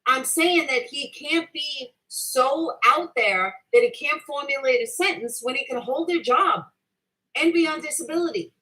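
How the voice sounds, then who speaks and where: Heated, profane woman with a bright voice. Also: sits high, animated, measured pace, rough recording. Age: middle-aged. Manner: combative, profane, defensive, repeats her point. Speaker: livestream host answering chat. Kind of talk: heated casual rant.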